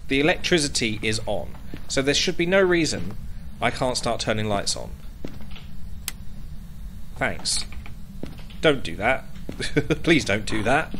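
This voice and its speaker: A man's voice: medium pitch, fairly bright tone, slight background noise. A young man streaming a horror game, muttering to himself, jumpy and swearing often. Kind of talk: casual gaming commentary.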